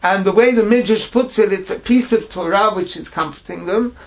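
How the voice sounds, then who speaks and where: Male Torah teacher, high gravelly voice, halting phrase-by-phrase explanation, lo-fi sound. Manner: translates Hebrew phrase by phrase, halting restarts. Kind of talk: text study class. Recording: dull lo-fi recording.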